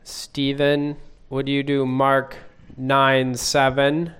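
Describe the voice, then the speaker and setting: A man leading a group Bible study, asking the class questions in a measured way. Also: mid-range voice, monotone, fairly bright tone, clear, resonant tone.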